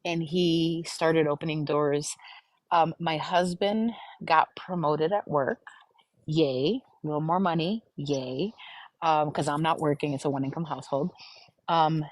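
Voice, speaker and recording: A young woman, a guest on a live stream, telling her testimony in an emotional, animated way. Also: low voice, measured pace, no room sound.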